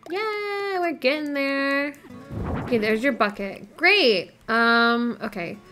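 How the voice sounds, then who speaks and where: A woman's voice: high-pitched, lively intonation, slow, music in the background. A woman giving casual gameplay commentary, chattering in a scatterbrained, self-deprecating way. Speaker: gaming YouTuber.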